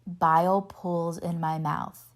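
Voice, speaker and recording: A woman reading a novel aloud in steady first-person narration, lightly voicing the dialogue. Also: on the low side, slow. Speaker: reader.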